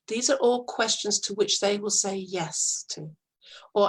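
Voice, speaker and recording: A woman's voice: mid-range voice, moderate pace, breathy edge, low-quality recording. A woman, an HR coach, giving firm, emphatic advice in an interview and acting out sample dialogue. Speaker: HR coach and guest. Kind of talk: interview over a call.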